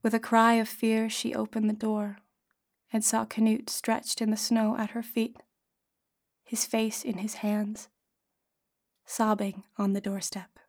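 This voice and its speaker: A woman narrating a classic short story in a measured, expressive reading. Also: fairly high pitch. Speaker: audiobook reader.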